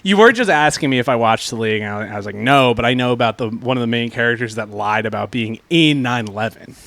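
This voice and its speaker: A man's voice: medium pitch, fast, vocal fry, no room sound. Joking male podcast host. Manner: jokey, breaks into loud off-key singing. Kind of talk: casual comedy chat.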